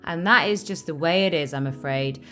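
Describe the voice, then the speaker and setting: A young woman beauty vlogger talks casually to the camera, upbeat and confiding with her viewers. Her voice is low and a bit bright, at normal speed, with faint music in the background.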